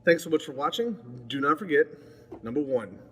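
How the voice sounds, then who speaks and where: A man's voice: a little high, sing-song, fairly quick, fairly bright tone, in a large hall, slight background noise. A man rambling casually to camera as a vlogger, digressive and self-mocking.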